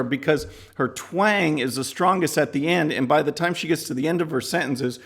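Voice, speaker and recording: A man's voice: medium pitch, vocal fry, slightly rough. A man hosting a political commentary show, talking casually with scornful asides. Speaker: podcast host.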